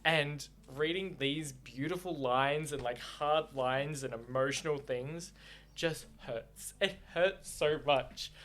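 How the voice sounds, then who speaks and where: A man's voice: fairly high pitch, slow, a bit bright. A young man reading a novel aloud and reacting to it, effusive and rambling, with plenty of swearing. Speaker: book reaction vlogger.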